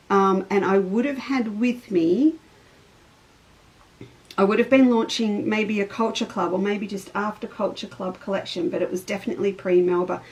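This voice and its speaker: A woman's voice: mid-range voice, a little mellow, poor audio. A middle-aged woman, hosting a casual show-and-tell chat as a fabric designer. She tells a rambling story in an easy, talkative way.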